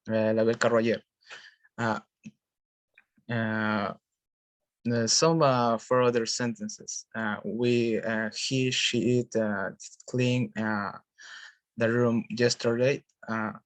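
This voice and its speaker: A man presents to a class in halting English, his delivery slow and his pitch barely moving. Frequent filler sounds break up each sentence, and his voice sits close and dry with no room sound around it. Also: little pitch movement, dry recording. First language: Spanish. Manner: hesitant, many filler sounds. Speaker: student presenter.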